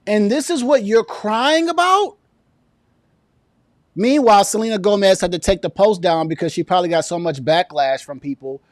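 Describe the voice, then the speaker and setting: A man rants through a political commentary with a high-pitched voice. The sound is dry and close, with no room around it. He is indignant and sarcastic, piling one point onto the next. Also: moderate pace, dry recording. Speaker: commentary vlogger.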